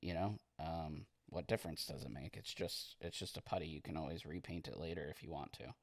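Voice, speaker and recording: Deep-voiced man chatting while painting. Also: a little fast, no room sound, clean studio sound. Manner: relaxed, rambling, reads chat comments aloud. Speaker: miniature painting streamer. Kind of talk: casual livestream chat while painting.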